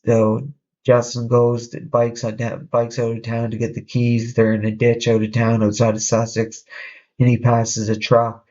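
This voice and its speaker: A man hosting a podcast, casually telling a story in a halting way, with frequent restarts. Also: medium pitch, completely flat delivery, warm tone, highs cut off. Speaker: podcast host.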